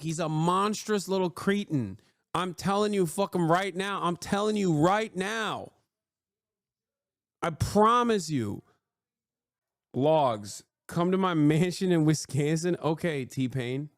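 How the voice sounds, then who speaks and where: A man's voice: high-pitched, animated, moderate pace, no room sound, studio quality. A man in his thirties streaming a live news reaction, ranting profanely and mocking.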